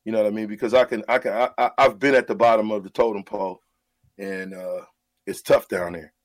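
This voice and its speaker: A man's voice: on the low side, fairly even intonation, brisk, dry recording. A man who is a radio show host, talking in an earnest, heartfelt way about mentoring and often repeating his words as he goes.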